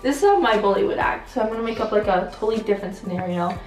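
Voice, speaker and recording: A woman's voice: mid-range voice, animated, rapid-fire. Shy teenage girl chatting, roomy sound. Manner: soft-spoken, hesitant, many fillers. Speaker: channel co-host. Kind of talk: casual sit-down chat. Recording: roomy sound, mic at a distance, faint music.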